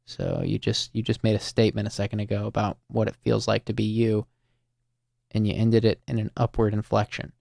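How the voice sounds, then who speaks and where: A man hosting a call-in listening show, talking slowly and thoughtfully to a caller with many fillers and restarts. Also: fairly low pitch, gravelly, darkish tone, no echo, studio quality. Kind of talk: reflective, gentle conversation with a caller.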